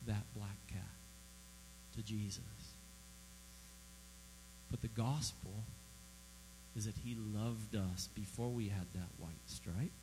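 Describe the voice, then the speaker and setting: A man preaching a sermon, emphatic and animated, asking his audience questions. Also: on the low side, long reverb tail, a little hiss or hum, rough recording. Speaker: pastor.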